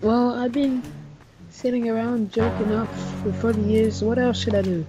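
A man's voice: very high-pitched, flat delivery, moderate pace, music in the background. A man putting on the voice of a lonely, awkward sixty-two-year-old man in an improvised comedy bit over a game. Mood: sheepish.

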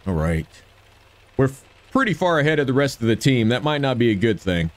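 A man's voice: mid-range voice, sing-song, brisk. A man giving upbeat gameplay commentary and cheering on his own shots. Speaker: gaming video creator.

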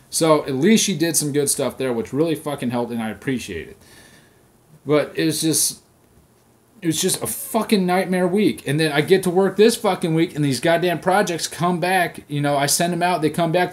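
A man who just turned thirty, hosting a solo rant podcast, swearing constantly and getting loud and heated as he vents. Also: fairly high pitch. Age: 30s. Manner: profane, venting, gets loud and heated when angry. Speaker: podcast host.

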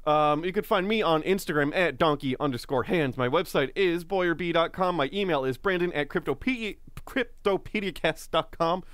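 A man co-hosting a podcast in relaxed casual chat, reading off contact details. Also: fairly high pitch, moderate pace, few pauses, clean tone, no echo. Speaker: podcast co-host and producer.

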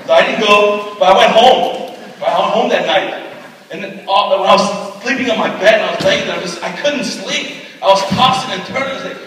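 A young man preaching a sermon, telling a personal story and acting out what people said, going from loud excitement to hushed speech. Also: high-pitched, fairly quick, background noise. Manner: storytelling with acted-out quotes. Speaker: pastor. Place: large hall at a retreat. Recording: echoey hall from far off.

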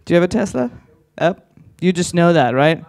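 A man's voice: high-pitched, big pitch swings, a little fast, gravelly, a little mellow, no echo. A man doing stand-up on a conference stage, teasing the audience with crude, chatty crowd work. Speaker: stand-up comedian.

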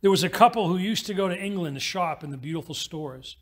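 A male pastor delivers a sermon in a high, husky voice. He slips into a brisk storytelling mode and speeds through the parable's voices.

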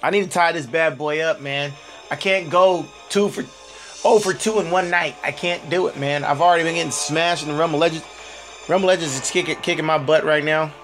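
A man in his thirties with a hoarse voice, chatting casually and laughing at himself while commenting on a mobile game at home. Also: on the high side, a little fast, a bit bright, faint music behind.

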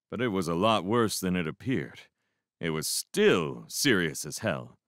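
Brief: male audiobook narrator, deliberate and expressive, dry close-miked sound. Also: on the low side, no room sound. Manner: measured, expressive storytelling. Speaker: audiobook reader.

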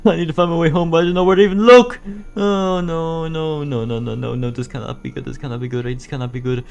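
A man's voice: on the high side, fairly even intonation, fast, creaky, clean tone, muffled recording. A man voicing a goofy, whiny animatronic bear who stammers as he talks in a game machinima. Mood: distressed.

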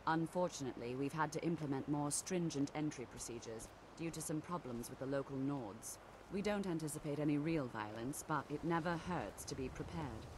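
A woman voicing a brisk, formal administrator of a mage college in a video game, polite, orderly and instructive. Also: low voice, noisy background, natural voice.

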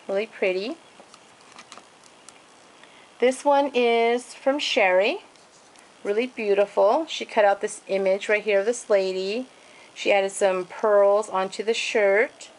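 A woman's voice: mid-range voice, fairly even intonation, measured pace, rough recording. A woman casually showing off craft pages in a home video, gushing over each piece and stringing details together with "and then" and fillers. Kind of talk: casual show-and-tell.

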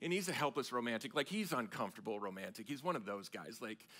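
A man, preaching a sermon as a pastor and telling self-mocking stories in an animated way. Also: mid-range voice, fast talker. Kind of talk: storytelling sermon. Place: church sanctuary.

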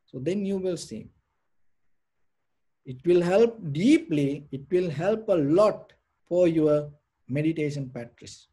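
Soft, husky-voiced man teaching meditation. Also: a little high, animated, slow pace, long pauses. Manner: rambling, many restarts and "you know" fillers. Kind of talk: informal dharma talk.

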